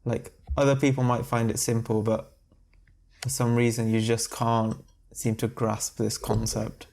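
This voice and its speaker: A young man running a casual podcast chat. He has a medium-pitched voice and an easygoing, slightly hesitant way of talking. He leans on fillers as he asks his friends questions. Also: level tone, measured pace, gravelly, darkish tone, slight background noise. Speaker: podcast host.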